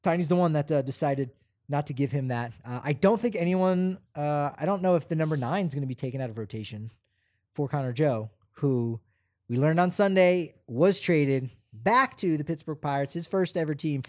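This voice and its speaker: A man's voice: on the high side, moderate pace, dry recording, studio quality. Laid-back man chatting sports. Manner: relaxed, rambling, many fillers. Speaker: podcast co-host. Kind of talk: casual sports chat.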